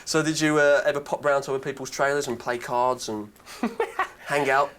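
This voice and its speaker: A man's voice: medium pitch, fairly even intonation, brisk, fairly bright tone. A man interviewing guests on breakfast TV, asking cheeky, teasing questions. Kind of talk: breezy TV interview.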